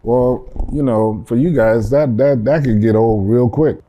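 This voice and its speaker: A man, a film composer, talking casually in an interview, relaxed and rambling with repeated words. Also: mid-range voice, unhurried.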